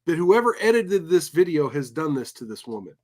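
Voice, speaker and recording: Sarcastic, cussing stream host. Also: male voice, a little high, sing-song, fairly quick, a little mellow. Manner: sarcastic, profane, incredulous. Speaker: livestream host. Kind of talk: casual commentary on clips.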